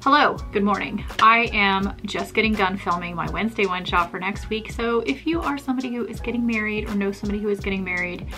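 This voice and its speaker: A young adult woman, a makeup artist, chatting casually and fast in her vlog. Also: mid-range voice, music in the background. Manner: chatty, bubbly, fast-talking.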